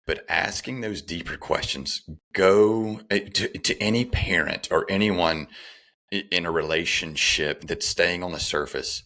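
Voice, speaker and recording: Very deep, gravelly middle-aged man. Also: a little slow, sharp tone. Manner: earnest, repeats phrases for emphasis. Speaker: podcast guest. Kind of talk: conversational interview, personal story.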